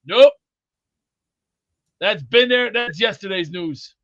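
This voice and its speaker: A man hosting a rowdy sports call-in show, loud and goofy, often breaking into whooping yells. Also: high voice, lively intonation, slow pace, dry recording, lo-fi sound. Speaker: sports talk show host.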